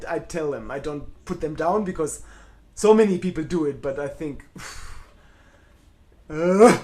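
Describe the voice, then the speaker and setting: Man, middle-aged, cellist, live Q&A, slightly high voice, candid, self-mocking. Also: darkish tone. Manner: candid, self-deprecating, blunt. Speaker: cellist answering viewer questions. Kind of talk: live online Q&A.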